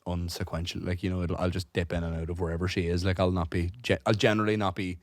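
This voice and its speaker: Animated man with a deep voice. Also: fast, no room sound, studio quality. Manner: animated storyteller, swears freely, laughs through his own story. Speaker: podcast co-host. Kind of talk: casual chat.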